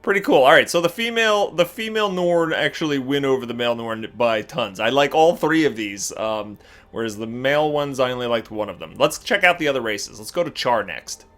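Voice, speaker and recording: A man hosting a casual gaming video, reacting with animated exclamations and laughter. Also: medium pitch, brisk. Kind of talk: casual game commentary.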